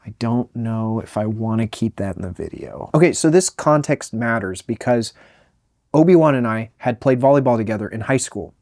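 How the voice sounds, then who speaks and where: A young man narrating a comedic storytime with animated, self-mocking delivery and quick jokey asides. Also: mid-range voice, no room sound, studio quality.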